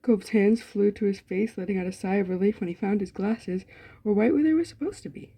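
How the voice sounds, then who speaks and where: A woman's voice: mid-range voice, fairly quick, warm tone, slightly rough. A woman, a gaming YouTuber, reading a story game aloud with running commentary, giggling often and swearing freely. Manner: giggly, profane, frequent laughter.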